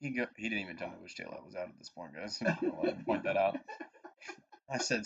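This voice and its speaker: A man in his twenties swaps stories on a podcast, swearing freely as he winds through an anecdote. His voice sits a little low, and the audio comes through dull and lo-fi. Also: brisk, gravelly, slightly rough. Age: 20s. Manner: profane, animated anecdote-telling. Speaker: podcast co-host. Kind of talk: casual storytelling chat.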